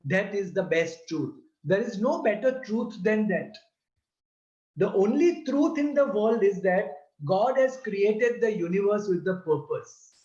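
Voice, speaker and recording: Male religious teacher, unhurried and deliberate, recorded in a roomy space with muffled sound. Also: high voice, lively intonation, darkish tone. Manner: deliberate, repeats and spells out syllables. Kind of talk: slow explanatory lesson. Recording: roomy, slightly dull sound.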